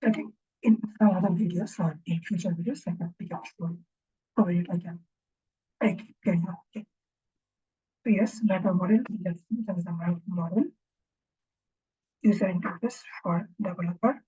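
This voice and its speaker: A woman giving an informal recorded lecture as instructor, speaking haltingly and thinking aloud, often checking in with a questioning "right?". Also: fairly low pitch, fairly even intonation, mellow, breathy edge. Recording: dull lo-fi recording.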